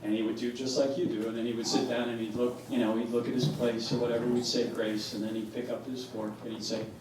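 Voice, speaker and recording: A man telling humorous family stories to an audience at a parish event, animated and acting out the voices of family members. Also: medium pitch, quick pace. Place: parish hall. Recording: echoey hall, distant mic, background noise.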